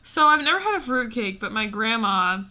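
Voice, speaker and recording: Woman cohost on a chatty podcast, kinda high bright voice, laughs a lot. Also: big pitch swings, moderate pace. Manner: laughing often, playful and chatty. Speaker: podcast co-host. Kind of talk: casual podcast chat.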